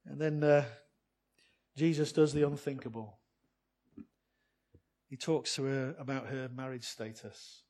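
A man preaching a sermon to his congregation, with many rhetorical questions, swinging between loud emphatic lines and soft quiet ones. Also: mid-range voice, fairly even intonation, measured pace, pauses often.

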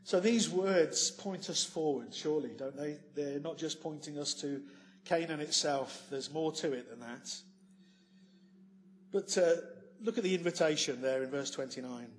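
A man delivers a sermon in a slightly raised voice. He leans on rhetorical tag questions and swings from loud, emphatic lines to quiet asides. A faint hum sits under the recording. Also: on the high side, a little slow, pauses often. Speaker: preacher.

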